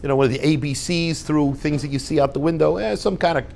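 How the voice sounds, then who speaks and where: A man giving an informal Torah talk to a group, lively and conversational, acting out little dialogues and dropping Hebrew and Yiddish words. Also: on the high side, quick pace, gravelly, a little hiss or hum. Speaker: rabbi teaching a class.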